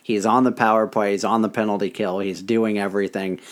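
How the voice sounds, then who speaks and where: A man's voice: fairly low pitch, steady tone, a little fast. A man co-hosting a casual sports podcast, chatty and joking, with many asides and fillers. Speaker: podcast co-host.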